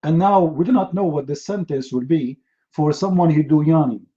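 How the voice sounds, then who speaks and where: High-pitched sarcastic man. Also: moderate pace, dark tone, dull audio. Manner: mocking, sarcastic storyteller. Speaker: speaker. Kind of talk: humorous seminar talk.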